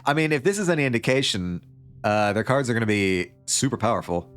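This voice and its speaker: A man's voice: medium pitch, expressive, brisk, a bit bright, faint music behind. A man streaming a story game, reading its text aloud with playful asides.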